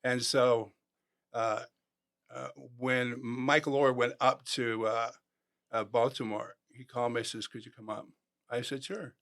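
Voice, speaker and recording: Animated storytelling older man. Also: medium pitch, measured pace. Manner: animated anecdotes, acts out quoted voices. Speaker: podcast guest, former football player. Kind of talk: storytelling interview.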